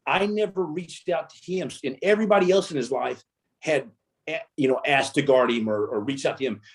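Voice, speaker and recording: A man's voice: medium pitch, fairly quick. A man, a former Navy SEAL guest, telling war stories in a casual interview and acting out the dialogue. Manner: animated storyteller, acts out quoted dialogue.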